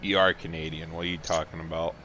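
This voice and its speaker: A man's voice: extremely low pitch, fast talker, soft background music. A man chatting casually and teasing viewers while streaming a farming game. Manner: relaxed, chatty, teasing chat. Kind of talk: casual gameplay livestream chat.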